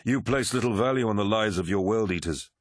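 A man voicing a towering male warlord commander in an audiobook, speaking in a cold, measured, commanding way. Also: fairly low pitch, no echo, studio quality, voice pushed up, close to an everyday voice. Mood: stern rebuke. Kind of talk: audiobook character voice.

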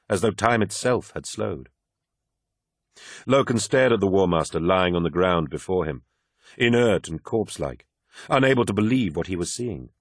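A man giving grave, measured audiobook narration of a dramatic story. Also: deep voice, no echo, studio quality.

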